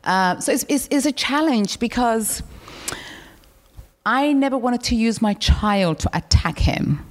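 A middle-aged woman guest speaking candidly on a live stage, telling stories in a frank, animated way and swearing freely. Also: on the high side, unhurried. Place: live venue with audience.

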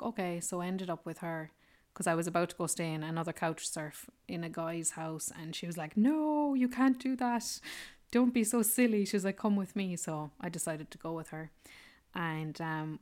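A young Irish woman hosting a podcast, telling a travel story in a chatty, animated way. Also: on the low side. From Ireland. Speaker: podcast host.

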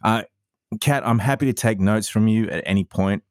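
A man's voice: fairly low pitch, moderate pace, no room sound, studio quality. A man co-hosting a podcast, chatty and self-deprecating. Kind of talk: casual podcast chat.

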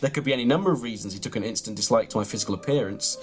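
A man reads a ridiculous memoir aloud with a straight face and mock-earnest pacing, his pitch sitting in an ordinary middle range. Faint music plays underneath. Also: rapid-fire. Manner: deadpan, mock-earnest storytelling. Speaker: comedy podcast host reading his own mock memoir. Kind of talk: deadpan comic reading of a story, then casual chat.

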